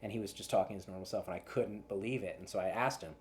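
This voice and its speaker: Low-voiced male casting director giving advice. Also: fast talker, slight background noise. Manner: earnest, often restarts and repeats words.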